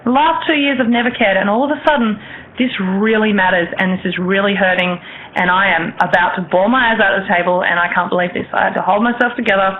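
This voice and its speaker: A woman's voice: medium pitch, steady tone, quick pace. A woman in her thirties, a guest telling a personal story in a rambling way, full of restarts and fillers. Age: 30s. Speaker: interview guest. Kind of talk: personal storytelling in a talk show. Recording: tinny phone-line audio with faint hiss.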